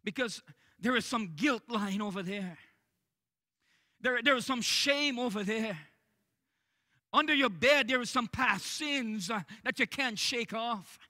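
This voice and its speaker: Very high-voiced male preacher. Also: measured pace, pauses often, pushed and bright. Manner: earnest preaching, frequent "uh" between phrases. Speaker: pastor. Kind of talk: church sermon. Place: church sanctuary during service.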